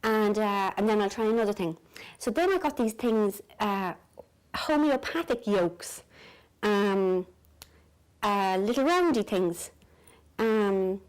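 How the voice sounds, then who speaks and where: A woman's voice: mid-range voice, lively intonation, slow, pauses often, smooth, low-quality recording. An Irish woman chatting casually to camera from bed at night, self-mocking and dropping into whispers. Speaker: vlogger. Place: bedroom at night.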